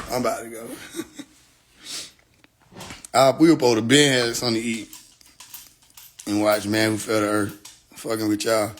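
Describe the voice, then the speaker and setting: A man hosting a casual livestream, joking and laughing often, swearing freely, and swinging between loud outbursts and quiet mutters into his phone. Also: lowish voice, flat delivery, normal speed, pauses often, slight background noise. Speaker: livestream host.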